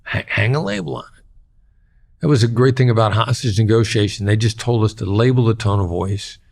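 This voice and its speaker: A middle-aged man with a lowish, gravelly voice, talking plainly as an interview guest. He hammers home his points by repeating short phrases. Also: a little fast, darkish tone. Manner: plain-spoken, repeats key phrases for emphasis. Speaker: guest, former hostage negotiator. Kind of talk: podcast interview.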